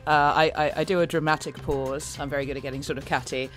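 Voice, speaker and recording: High voiced guy at a tabletop game, talks fast and stumbly, faint music. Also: fairly even intonation, a bit bright. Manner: chatty, hesitant, laughs often. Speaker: player. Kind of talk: casual tabletop play.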